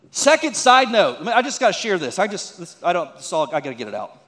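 High-voiced pastor preaching in echoing hall. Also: male voice, very animated, a little fast, fairly bright tone. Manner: folksy, joking asides with audience prompts. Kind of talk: sermon.

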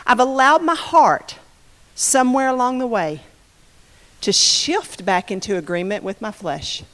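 Preaching woman, high voice, lively storytelling in a sermon, long reverb of a hall. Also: a little slow. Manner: animated storytelling, acts out quotes. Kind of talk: sermon testimony.

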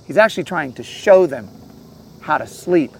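A man giving an earnest, storytelling sermon outdoors by a lake, swinging between loud and soft passages. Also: on the high side, animated, moderate pace, creaky. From St. Louis area. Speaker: pastor.

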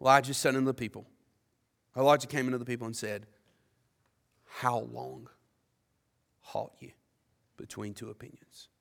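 A man preaching a sermon with passion, repeating words and swinging from quiet asides to loud declarations. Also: mid-range voice, steady tone, normal speed, vocal fry, pauses often.

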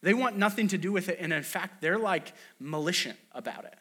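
A man's voice: high voice, expressive, fairly quick, a bit bright, husky. A man preaching a sermon in a conversational, storytelling way, with many restarts and acted quotes. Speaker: pastor.

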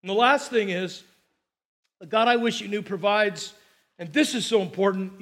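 A middle-aged man preaching a sermon as pastor, chatty and storytelling with quick asides, slowing down and lifting his voice when he preaches scripture. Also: sits high, fairly bright tone. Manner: slows and lifts voice to preach scripture.

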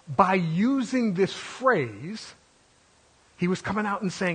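Husky-voiced preacher man, high pitched. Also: sing-song, takes it slowly. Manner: preaching with dramatic proclamations and sudden quiet drops. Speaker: pastor. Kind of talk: sermon.

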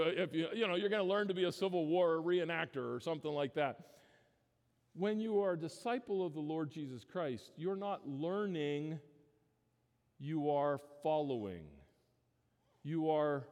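A man preaching a sermon as pastor, emphatic, with his pitch rising on key phrases and dropping low when he closes in prayer. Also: a little mellow. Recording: long reverb of a church hall.

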